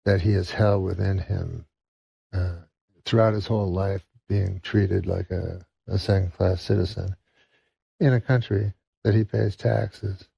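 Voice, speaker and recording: A comedian from Canada telling a long rambling joke in a halting deadpan way, full of "uh" and "you know". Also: male voice, deep voice, creaky, slightly rough, dry recording. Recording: dull lo-fi sound.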